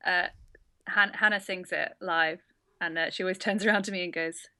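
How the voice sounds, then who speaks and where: Bright-voiced woman, sarcastic. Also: on the low side, moderate pace, no room sound. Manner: sarcastic, deadpan joking. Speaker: guest musician and songwriter. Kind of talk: casual interview chat.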